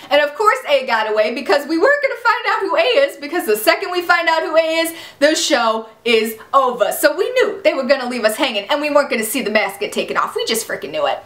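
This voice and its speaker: A young woman excitedly recapping a TV episode, gushing and exasperated by turns. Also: high voice, fast talker, few pauses, echoey room. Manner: gushing and exasperated, jumps into quoted shouts. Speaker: TV recap vlogger.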